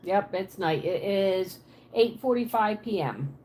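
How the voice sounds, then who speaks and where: A woman's voice: medium pitch, animated, unhurried, dark tone. A woman from Pennsylvania with a Pennsylvania Dutch accent and a Southern twang, chatting casually on a livestream from her apartment and answering viewers' comments aloud.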